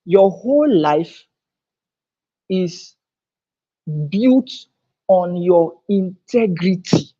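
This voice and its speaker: A woman's voice: expressive, very slow, pauses often. Emphatic woman speaker at a business seminar. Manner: emphatic, repeats words and restarts phrases; voice climbs higher and louder on key points. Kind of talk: motivational business seminar talk. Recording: dull lo-fi sound.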